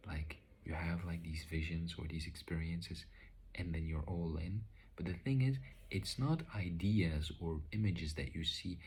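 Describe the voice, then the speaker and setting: A man with a very low voice tells of a personal spiritual experience in a soft, hushed, half-whispered way. He strings his thoughts together loosely with fillers and restarts. A faint hiss sits under the recording. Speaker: vlogger recounting a spiritual session. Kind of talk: reflective personal account.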